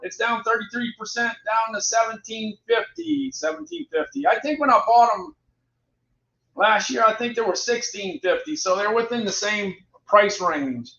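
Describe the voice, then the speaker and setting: Reading off prices and ratings at a moderate pace, a talkative man runs a casual livestream selling products, frequently saying the same phrases twice. He has a bright, forceful, high-pitched voice, recorded in a dull, roomy, somewhat lo-fi way.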